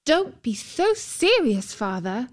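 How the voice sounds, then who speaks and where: A woman's voice: sits high, big pitch swings, slow pace, voice pushed up, full character voice. A woman voicing an insolent, fiery teenage water-nymph girl with a mocking, cheeky way of talking. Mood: teasing.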